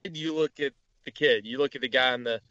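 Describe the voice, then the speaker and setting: A man's voice: medium pitch, brisk, sharp tone, clear, resonant tone, dry recording, muffled recording. A man co-hosting a casual podcast chat, rambling with lots of restarts. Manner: rambling, many restarts and fillers. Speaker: podcast co-host. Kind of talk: casual chat about movies.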